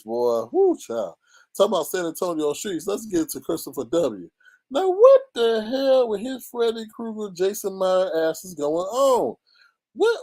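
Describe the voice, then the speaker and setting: A man hosting a live stream, gossiping about online drama in a sassy, animated way with sudden high exclamations. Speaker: live-stream commentary host.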